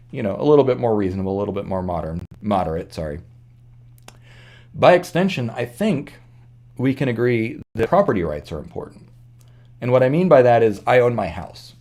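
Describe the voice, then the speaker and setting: A somewhat low-voiced man talks through his views in an unscripted monologue as a channel host. He is earnest and reflective, often stopping to restart or correct himself mid-sentence. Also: dark tone.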